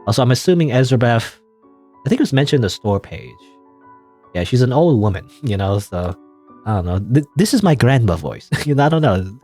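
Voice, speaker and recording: A man's voice: medium pitch, sing-song, a little fast, warm tone, soft background music. A man casually commenting on a video game as he plays, rambling and hedging with chuckling asides. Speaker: let's play gamer.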